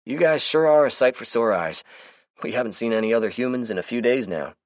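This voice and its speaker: Man playing a brash joking survivor, loud and cocky, dry close sound, audiobook. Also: medium pitch, expressive, brisk, no room sound, voice pushed up, close to an everyday voice. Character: chatty brash male survivor, joking and bold.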